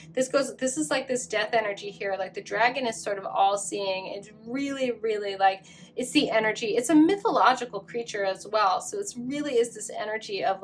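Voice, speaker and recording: A woman giving a pick-a-card tarot reading in an effusive, excitable way, full of gushing exclamations. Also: mid-range voice, a little hiss or hum. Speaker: tarot reader.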